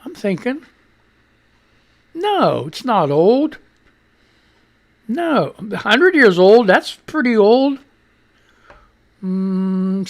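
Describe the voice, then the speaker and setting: With a high-pitched, creaky voice, a man in his sixties hosts a live radio stream. He rambles, swears freely, laughs at himself, and reads viewer tweets as he chats.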